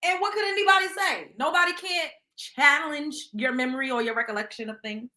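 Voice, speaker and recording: A woman's voice: sits high, a little fast, bright, forceful tone, roomy sound. A woman hosting a casual celebrity gossip show, talking bluntly and animatedly with lots of profanity. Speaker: show host.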